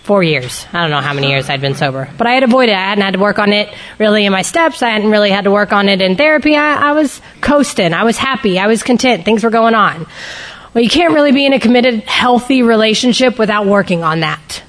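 A woman's voice: medium pitch, animated, fairly bright tone. Woman sharing her recovery story. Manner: candid, emotional, speeds up and slows down for emphasis. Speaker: speaker sharing at a recovery meeting. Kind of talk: personal testimony to a group.

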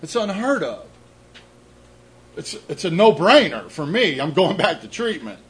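Slow-talking middle-aged man giving candid testimony. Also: a little high, sing-song, poor audio. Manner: candid, self-deprecating, repeats words when starting a thought. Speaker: speaker sharing a recovery story. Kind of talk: personal testimony talk to an audience.

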